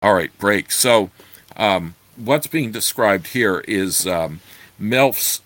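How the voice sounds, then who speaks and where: A man's voice: on the low side, animated, takes it slowly, a bit bright, dry recording. A man reading a fantasy novel aloud and breaking off for hesitant commentary with many fillers. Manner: hesitant asides full of fillers, formal reading voice. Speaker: reader and commentator.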